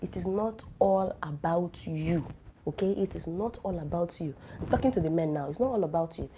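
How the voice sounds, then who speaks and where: A woman's voice: on the low side, normal speed, warm tone, a little hiss or hum, rough recording. A woman, sick with a flu, giving frank and teasing relationship advice straight to her listeners. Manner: blunt, teasing, lecturing directly to listeners. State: has a flu, coughing. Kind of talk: frank advice talk to camera.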